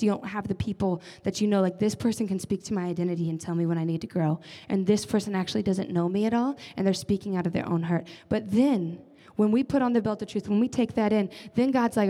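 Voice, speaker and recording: A woman's voice: medium pitch, warm tone. A young woman giving an earnest, conversational sermon as a church leader, often adding casual fillers. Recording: long reverb of a large hall.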